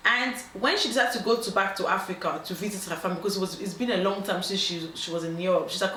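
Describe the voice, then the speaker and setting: A woman casually telling a dilemma story as host. She talks in an animated way, acts out the quoted voices, and often stops on ums and restarts. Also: mid-range voice, fast talker, hardly any pauses. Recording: roomy echo, faint background noise.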